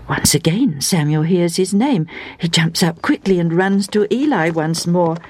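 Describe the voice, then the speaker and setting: A woman narrating a Bible story in a slow, hushed, dramatic storytelling manner. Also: on the low side, lively intonation, no echo.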